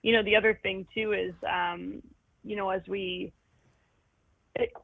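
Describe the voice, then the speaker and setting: A woman's voice: medium pitch, steady tone, vocal fry, over a noisy crowd. Frank woman on a tinny phone line. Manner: frank, self-mocking, halting restarts. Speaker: guest. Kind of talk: candid conversation about anxiety.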